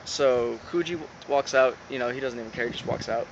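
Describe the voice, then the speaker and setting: A man talks through an episode recap in a loose, rambling way, full of "um"s and "he's like"s. His pitch sits in the middle, and the recording sounds dull and lo-fi with clear background noise underneath. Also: brisk. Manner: rambling, with many fillers and retold quotes.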